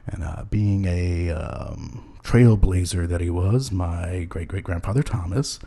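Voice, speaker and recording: A man hosting a loose comedy podcast, rambling deadpan with many hesitations and chuckling at his own jokes. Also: low voice, measured pace, vocal fry. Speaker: podcast host.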